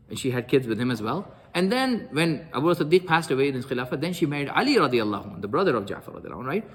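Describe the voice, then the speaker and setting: A man's voice: mid-range voice, big-room sound. A man giving a religious lecture, telling stories animatedly and acting out the dialogue.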